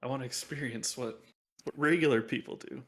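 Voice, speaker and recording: A man's voice: mid-range voice, brisk. Man player, casual, laid-back, narrates his own moves. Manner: relaxed, describes his actions. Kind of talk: casual tabletop game chat.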